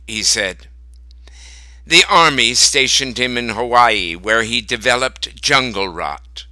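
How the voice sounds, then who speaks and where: A man reading a short story aloud as narrator, slow and deliberate. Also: medium pitch, sharp tone, no room sound, poor audio.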